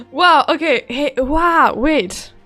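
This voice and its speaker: A young woman streaming a game, reacting with excited, giggly commentary and quick outbursts. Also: sits high, soft background music.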